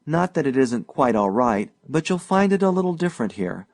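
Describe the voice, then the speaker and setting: A man's voice: mid-range voice, big pitch swings, normal speed, darkish tone, voice pushed up. A man reading an eager, boastful young man.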